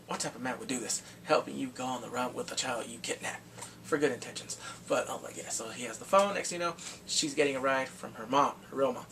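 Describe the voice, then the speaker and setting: A man recapping a TV drama in casual talk, acting out the characters' lines in quick animated bursts. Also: mid-range voice, distant mic, a little hiss or hum. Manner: animated, acts out quotes from the show in quick bursts. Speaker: drama reviewer.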